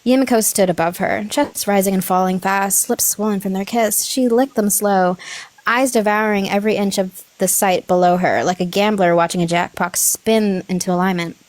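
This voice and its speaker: A woman's voice: mid-range voice, steady tone, moderate pace, dry recording. A woman streamer reading a story aloud on a live stream, giggling and correcting herself as she goes.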